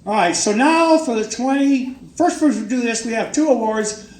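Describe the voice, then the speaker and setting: A man's voice: very high-pitched, moderate pace, a little mellow. An older man presenting awards at a banquet, folksy and joking, talking up each winner with emphatic praise. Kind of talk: casual speech at a banquet. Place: banquet hall. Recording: echoey hall with crowd and noise.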